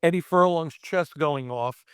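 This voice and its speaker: Profane, animated Brooklyn man telling stories. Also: on the high side, measured pace, clean tone, dry recording, clean studio sound. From Brooklyn, New York. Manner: profane and animated, acting out sound effects. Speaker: podcast guest, special effects artist. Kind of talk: casual storytelling.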